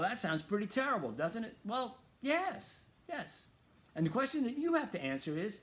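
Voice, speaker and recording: A man hosting a Christian talk show, speaking earnestly and emphatically as he reasons aloud. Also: high-pitched.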